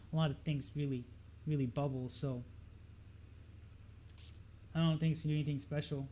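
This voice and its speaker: A man's voice: on the high side, mellow. A young man from Lebanon who hosts a live stream and talks through market charts casually, rambling with lots of fillers and repeated words.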